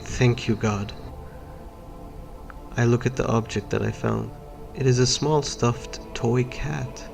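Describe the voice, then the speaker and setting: Man from Palestine, Arabic native speaker, narrates first-person horror in a flat, measured voice over faint music. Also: medium pitch, gravelly. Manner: measured, dramatic inner monologue.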